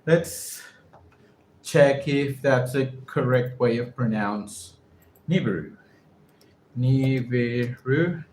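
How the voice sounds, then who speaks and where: A man's voice: mid-range voice, a little mellow. A man whose first language is Spanish reads an article aloud for English practice, stopping often to repeat words and check how they are pronounced. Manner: halting, stops to repeat words and check pronunciation. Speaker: English learner reading aloud. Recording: roomy echo with faint background noise.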